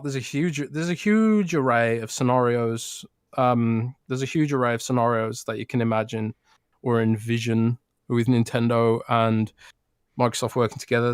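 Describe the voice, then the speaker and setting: A man's voice: medium pitch, smooth, no room sound, clean studio sound. A man with a British accent co-hosting a casual podcast, chatty, often restarting his sentences and laughing easily. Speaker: podcast co-host.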